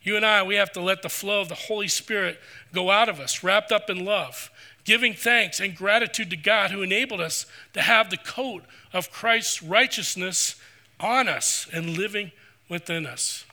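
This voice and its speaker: Pastor, male, middle-aged: high, very bright sermon delivery, earnest. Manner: earnest, preacherly, slows for scripture. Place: church sanctuary.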